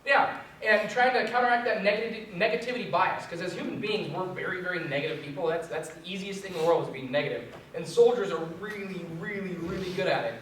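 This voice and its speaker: High-voiced young man in an echoey room. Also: fast, few pauses, distant mic, slight background noise. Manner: animated, self-mocking, stammering for effect. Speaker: resilience trainer. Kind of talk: storytelling talk to a group.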